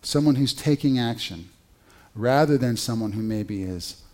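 A male pastor preaching a sermon in an animated, conversational way, with rhetorical questions to the congregation. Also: medium pitch, measured pace.

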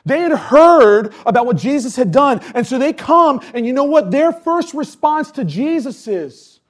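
A man gives a casual, conversational sermon and speaks in a high voice. His pitch rises and falls a lot as he tells stories. He fills his talk with casual fillers and drops from loud bursts to near-whispered asides. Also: a little slow. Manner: animated, storytelling, swings from loud to hushed; chatty with many fillers. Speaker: preacher.

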